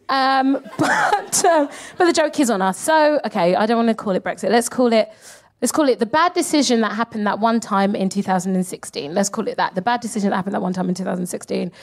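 Woman, stand-up comedian, high voice, very lively, acts out mocking voices. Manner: animated, swears freely, acts out mocking voices. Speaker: comedian co-host. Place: live venue with audience.

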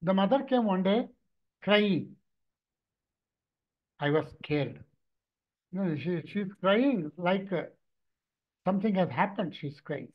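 Animated man, dull lo-fi sound. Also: high voice, slow pace, long pauses. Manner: animated storytelling, frequent repetitions and restarts. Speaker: mridangam teacher and therapist. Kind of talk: lecture with anecdotes. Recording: dull lo-fi recording.

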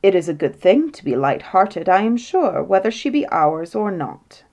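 A woman's voice: medium pitch, big pitch swings, normal speed, darkish tone. A woman voicing a pompous, quarrelsome king in a storybook reading, blustering and self-satisfied. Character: grumpy, pompous fairy-tale king, man.

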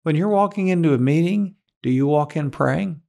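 Male preacher, gravelly tone, earnest, questions the congregation directly. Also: fairly high pitch, normal speed, dark tone. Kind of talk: sermon.

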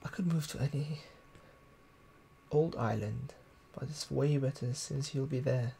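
A man's voice: mid-range voice, measured pace, vocal fry, dark tone, slight background noise. A man voicing a peppy, self-admiring female rabbit pop star from a life-sim game, reading her lines aloud in a sing-song tone. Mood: perky, boastful.

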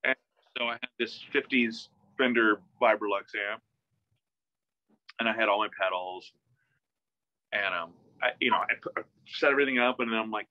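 Bright-voiced man telling a story. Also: lowish voice, moderate pace, pauses often. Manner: animated, acts out quoted dialogue, many restarts. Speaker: interview guest, musician. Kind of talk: casual storytelling interview. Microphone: video call. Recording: dull, dry video-call audio.

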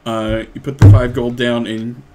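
A man narrating as game master in a tabletop game, animated, laughing often between lines. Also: medium pitch, moderate pace, heavy background noise.

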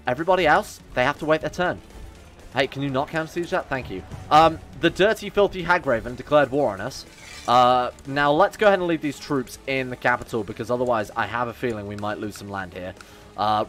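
A man narrating his live gameplay stream in a casual, animated way. He jokes, swears freely and keeps answering his chat while he plays. Faint music plays underneath him. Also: medium pitch.

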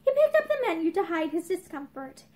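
A woman's voice: very high-pitched, big pitch swings, fairly quick, a little mellow. A young woman reading a novel aloud expressively, with small restarts, in a room with bookshelves. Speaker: reader of a novel.

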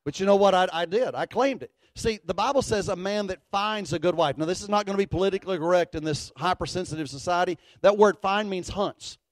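A middle-aged man, a pastor telling a folksy story in a sermon, animated and building to fervent declarations. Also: sits high, a little fast, hardly any pauses, no echo.

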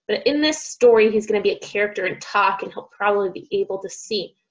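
A young woman, a speech therapist, reading a picture book to children, slowly modeling sounds and praising each try. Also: mid-range voice, highs cut off. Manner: slow, drawn-out modeling of sounds, encouraging praise.

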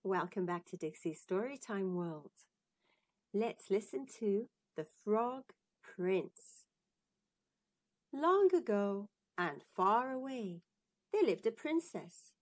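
A woman reading a children's storybook aloud in a gentle, sing-song manner. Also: mid-range voice, very animated, takes it slowly.

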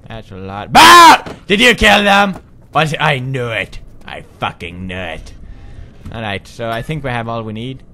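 A man giving goofy, jumpy commentary as he plays a horror game, with sudden loud outbursts. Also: lowish voice, a little hiss or hum. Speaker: gaming commentator.

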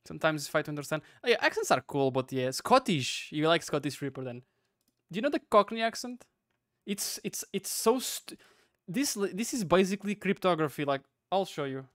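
A man's voice: fairly high pitch, sing-song, fairly quick, no echo, studio quality. A man streaming live, chatting casually and reacting to a video, repeating words back.

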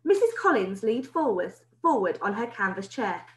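Teacher lady reading a kids book aloud, lively voice, echoey room. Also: mid-range voice, moderate pace. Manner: expressive storytelling. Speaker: primary school teacher. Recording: roomy echo.

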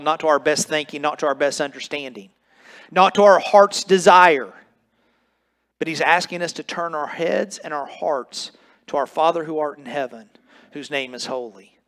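High-voiced man preaching a sermon. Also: a bit bright. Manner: emphatic preaching with repeated phrases and stumbles. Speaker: pastor. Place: church sanctuary.

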